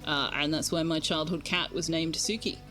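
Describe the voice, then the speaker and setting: A woman's voice: low voice, steady tone, normal speed, bright, forceful tone, faint music behind. An Australian woman streaming a game, chatting casually with her viewers and enunciating carefully. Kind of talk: casual gaming stream chat.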